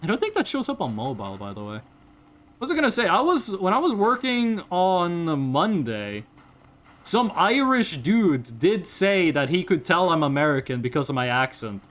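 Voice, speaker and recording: Woman VTuber, casual stream chatter, blunt and sweary, swings her pitch all over. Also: normal speed. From Norway. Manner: animated, blunt, swears freely, laughs often. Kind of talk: casual live-stream chat, reading chat.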